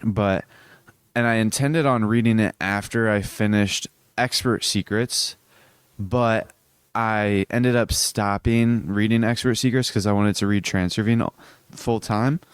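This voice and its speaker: A sleepy young man talks through a solo podcast, his voice low and smooth. He rambles with a lot of fillers and restarts, and it sounds close and dry with no room around it. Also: steady tone, unhurried, dry recording. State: sleepy, yawning. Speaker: podcast host. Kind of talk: casual solo podcast monologue.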